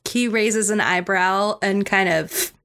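A woman narrating a tabletop game as game master in a relaxed, chatty way. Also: mid-range voice, takes it slowly.

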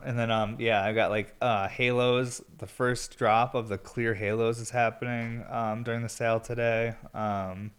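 A man's voice: medium pitch, little pitch movement, normal speed, hardly any pauses, clear, resonant tone. A young man hosting a solo podcast, rambling in a laid-back, stoned way, full of filler words and casual swearing. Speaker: podcast host and glass blower.

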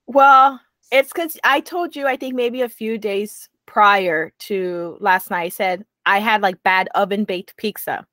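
A woman's voice: medium pitch, unhurried, bright, forceful tone, dry recording. A young woman co-hosting a podcast, chatting casually and telling a rambling story while laughing easily. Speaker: podcast co-host. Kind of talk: casual chat.

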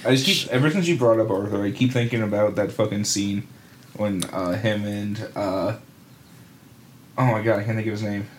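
American guy jumping in fast on a podcast, faint hiss behind. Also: lowish voice, rough recording. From United States. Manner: quick, scattered, swearing. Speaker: podcast co-host. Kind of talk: casual chat.

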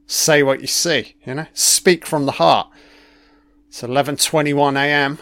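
A man's voice: fairly high pitch, steady tone, unhurried, fairly bright tone, no echo. A man giving casual reaction commentary over an old broadcast, blunt and heavy on swearing, thinking aloud as he goes.

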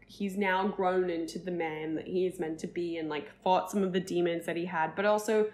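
A woman's voice: lowish voice, steady tone, moderate pace, a little mellow. A woman co-hosting a casual podcast, recapping reality TV with lots of "like" fillers. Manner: chatty, fillers of "like", breaks into laughter and mock singing. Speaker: podcast co-host.

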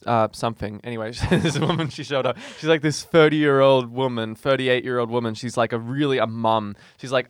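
A young man hosts a casual chat show, quick and rambling, laughing often as he acts out the people in his stories. He speaks at a mid pitch, and the sound is dry and close to the mic. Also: dry recording. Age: young adult. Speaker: podcast co-host.

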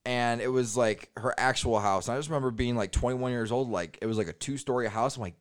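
Smooth-voiced man telling crude stories. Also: mid-range voice, brisk, few pauses. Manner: crude, laughing, acts out other voices. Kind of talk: casual crude storytelling.

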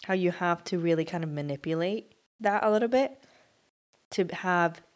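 A woman's voice: on the low side, normal speed. A young woman from Sweden, co-hosting a casual podcast chat in an easygoing, playful way. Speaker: podcast co-host.

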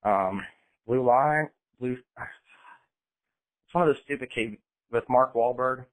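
This man keeps a middle-pitched, ordinary voice, and his talk is animated and blunt, with casual swearing. He speaks like a podcast host talking across the table to a co-host. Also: slow, low-quality recording.

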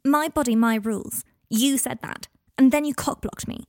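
A woman reading a story, voicing a defiant, sharp-tongued teenage girl with a higher, scornful voice. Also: expressive, brisk, dry recording, clean studio sound. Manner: scornful, sulky.

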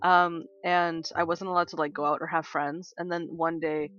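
A woman's voice: lowish voice, level tone, normal speed, fairly bright tone, muffled recording. A Canadian woman co-hosting a podcast in casual chat, a playful, giggly storyteller. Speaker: podcast co-host.

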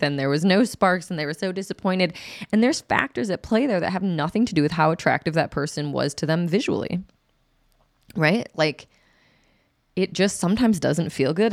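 A woman's voice: lowish voice, no room sound, studio quality. A woman explaining sex and attraction in a candid, chatty way as an educator, acting out quotes with laughs. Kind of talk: casual educational talk to camera.

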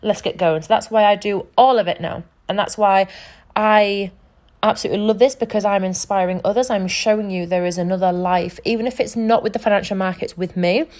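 A woman's voice: medium pitch, fairly even intonation, brisk, darkish tone. A young woman talks straight to her podcast listeners in an unscripted motivational monologue. She is earnest and emphatic and swears freely, and her voice sits in an ordinary middle register for a woman. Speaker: podcast host and life coach.

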